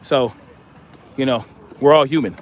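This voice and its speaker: Speaking in an unhurried, medium-pitched voice, a livestream host works through viewers' comments, reading each aloud and responding in easygoing chat.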